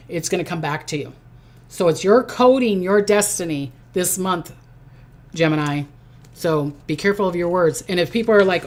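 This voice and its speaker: A woman's voice: medium pitch, moderate pace. A woman psychic giving a casual, chatty horoscope reading, repeating her phrases and reading out viewer comments as she goes. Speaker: psychic reader.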